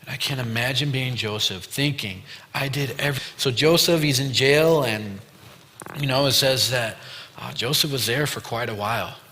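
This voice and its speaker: A young man preaches to teens in a relaxed, chatty way, acting out bits of dialogue with plenty of "you know" and "like". His voice is bright and forceful. It rings out with a long reverb, as if in a big church hall. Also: mid-range voice, moderate pace. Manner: retells a story with loose quoted dialogue and fillers. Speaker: youth pastor. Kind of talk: casual youth sermon storytelling. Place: church youth room.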